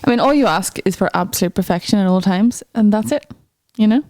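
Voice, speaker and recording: A woman's voice: medium pitch, a little fast, darkish tone. A woman co-hosting a comedy podcast, teasing her partner with dry, mocking retorts in casual banter. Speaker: podcast co-host.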